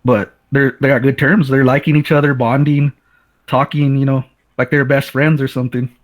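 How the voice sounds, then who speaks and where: A man's voice: mid-range voice, flat delivery, moderate pace. A man co-hosting a casual film discussion, laid-back and enthusiastic, often saying "man" and restarting sentences. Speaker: co-host.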